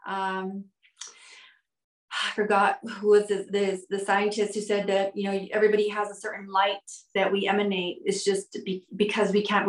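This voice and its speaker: A woman's voice: mid-range voice, roomy sound, rough recording. A woman guest on a podcast interview, explaining her points through strings of rhetorical questions. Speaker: guest expert.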